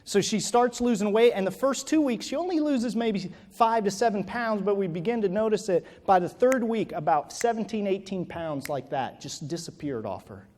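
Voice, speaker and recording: A man's high-pitched, darkish voice carries expressively through a large, echoing hall as he delivers a motivational keynote at a moderate pace with few pauses. He shares a personal story and then presses the crowd with emphatic exhortation.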